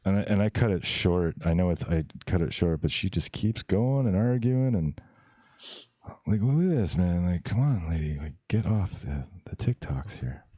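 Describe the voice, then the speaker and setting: Deep-voiced man, blunt podcast host. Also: animated, normal speed, mellow, breathy edge, no echo, clean studio sound. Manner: blunt, crude, rambling asides. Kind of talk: casual reaction commentary.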